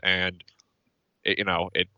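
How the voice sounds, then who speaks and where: A man's voice: low-pitched, monotone, slow pace, sharp tone, no room sound. A man, a band member, talking as a guest in a casual interview, thoughtful and full of fillers and restarts. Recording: dull, dry lo-fi sound.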